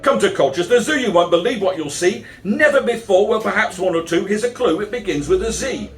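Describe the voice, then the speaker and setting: A man's voice: high-pitched, expressive, brisk, faint music behind. A middle-aged man giving a live poetry performance, mixing rhyming verse with wry, self-mocking asides. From England. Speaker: poet. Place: chapel venue. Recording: roomy, distant live recording.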